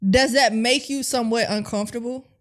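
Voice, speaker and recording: A woman's voice: a little high, steady tone, brisk. Laughing woman podcast host. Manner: thoughtful questions, frequent laughter. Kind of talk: casual interview chat.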